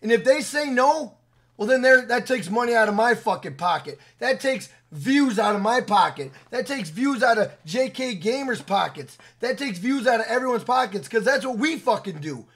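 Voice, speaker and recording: A man with a fairly high voice for a man, ranting at his audience. He swears constantly, repeats himself for emphasis and talks in a blunt, heated way. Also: lively intonation, moderate pace, a bit bright, breathy edge. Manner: profane, heated, repetitive, blunt. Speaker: gaming video creator. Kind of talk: angry rant to camera.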